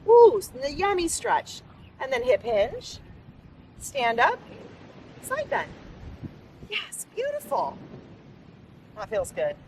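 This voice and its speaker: Leading a live beach workout, a woman instructor offers upbeat encouragement in a voice that sits high and darkish, with wildly swooping pitch. She speaks slowly and pauses often, picked up by a distant outdoor mic with faint background noise.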